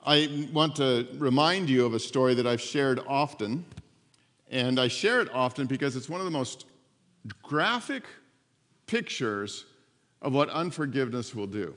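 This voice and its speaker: A man preaching a sermon as pastor. He retells the story conversationally, with lively asides to the congregation. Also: medium pitch, measured pace. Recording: long hall reverb.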